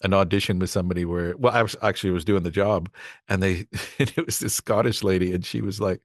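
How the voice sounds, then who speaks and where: This voice actor guest speaks fast in a low voice with fairly even intonation, wandering through work anecdotes in a casual podcast chat, restarting and acting out quotes. It sounds studio quality, with no room sound.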